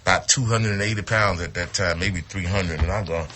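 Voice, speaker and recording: Male storyteller, low register, foul-mouthed and animated, casual anecdote. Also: fairly quick, few pauses, a little hiss or hum. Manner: profane, animated, acts out quotes. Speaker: retired wrestler telling a story.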